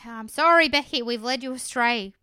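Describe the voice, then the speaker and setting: A woman's voice: a little high, normal speed, bright, forceful tone, smooth. A woman co-hosting a podcast, chatting casually about a reality show with wry, easygoing jokes. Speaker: podcast co-host.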